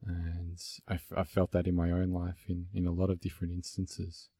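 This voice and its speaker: A man from Australia hosts a relaxed podcast conversation, his deep voice carrying a husky edge. He talks reflectively, circling back with fillers and restarts. The sound is dry and close. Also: normal speed, dry recording. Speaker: podcast host. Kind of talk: casual conversation.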